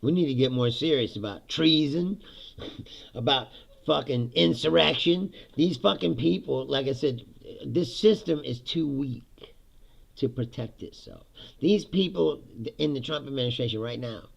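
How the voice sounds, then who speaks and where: A man's voice: mid-range voice, unhurried, creaky. A man hosting his own podcast, ranting casually about politics, swearing freely and laughing often between lines. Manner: profane, laughs often, animated. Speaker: podcast host. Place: home basement studio.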